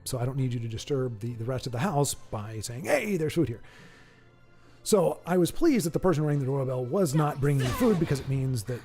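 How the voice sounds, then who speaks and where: A man's voice: mid-range voice, animated, fast talker, hardly any pauses, dark tone, husky, soft background music. A man hosting a game live stream, chatting casually in a joking, rambling way.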